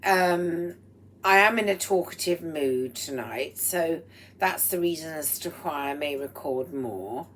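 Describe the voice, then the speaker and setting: A woman vlogging at home with a throaty, strained voice, speaking in a slow, deliberate and slightly formal way and often dropping into breathy whispered asides. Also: low-pitched, fairly bright tone. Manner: proper, slightly formal phrasing. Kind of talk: rambling personal vlog monologue. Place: at home while cooking. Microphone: speaking into a microphone.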